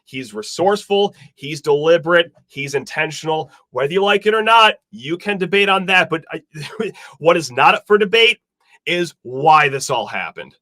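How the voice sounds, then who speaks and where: A man's voice: fairly high pitch, expressive, moderate pace, sharp tone, dry recording, clean studio sound. A man hosting a sports podcast, talking in an emphatic, fired-up way straight to his listeners. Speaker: podcast host. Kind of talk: animated sports podcast talk.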